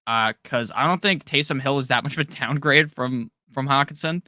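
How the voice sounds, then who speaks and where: A man hosting a live stream, casually reading out viewer questions and firing back quick, offhand answers with slang. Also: medium pitch, bright, forceful tone, dry recording, studio quality. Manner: rapid-fire, offhand answers with slang and the odd curse. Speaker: fantasy football live-stream host.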